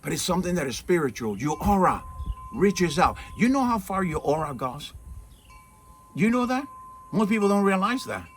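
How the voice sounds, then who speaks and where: Earnest, lively-voiced man preaching outdoors. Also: high voice, normal speed. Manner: earnest and encouraging, asks rhetorical questions, often checks in with "okay?". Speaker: spiritual teacher. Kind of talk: informal spiritual talk to camera. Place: outdoors in the shade at his home, with trees and mountains. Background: faint outdoor ambience with birds and wind chimes.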